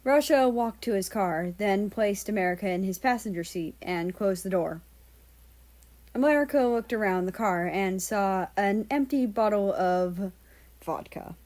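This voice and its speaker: A woman narrating a fan-fiction story aloud in a steady, even storytelling delivery. Her voice sits at a middling pitch for a woman, and she reads at a measured pace. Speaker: fan-fiction audiobook reader. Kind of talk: scripted narration.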